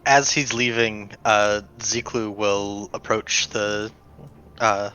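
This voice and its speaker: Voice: medium pitch, flat delivery, slow, sharp tone, highs cut off. A player at a tabletop game describing what their character does.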